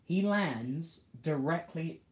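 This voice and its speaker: A man's voice: a little high, expressive, slow pace. A man co-hosting a casual podcast review, laughing a lot and acting out scenes. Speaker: podcast co-host. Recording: echoey room.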